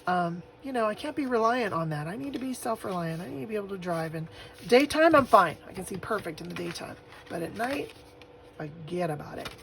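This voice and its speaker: A woman's voice: on the low side, creaky, slight background noise, rough recording. An older woman hosting a crafting channel, chatting casually and telling stories with frequent laughter. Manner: chatty storytelling, laughs often. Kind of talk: casual chat while crafting.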